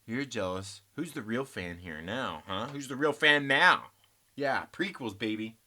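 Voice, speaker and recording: In a casual, rambling vlog chat, a comic book channel host jokes around, teases, and addresses his audience as "guys." He speaks a little slowly in an expressive, mid-range voice that's bright and forceful.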